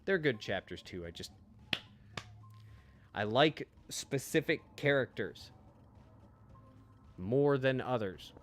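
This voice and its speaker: A man's voice: medium pitch, lively intonation, slow, long pauses, faint music behind. A man streaming a game, chatting casually with lots of fillers and swearing. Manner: rambling, profane, frequent fillers. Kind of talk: casual chat while streaming.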